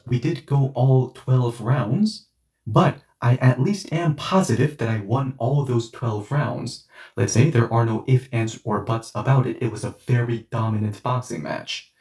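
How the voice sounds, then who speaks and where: A man's voice: mid-range voice, unhurried, darkish tone, far from the mic. A man teaching a language lesson, explaining points through made-up everyday scenarios in a conversational way. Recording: roomy echo, voice set back from the mic.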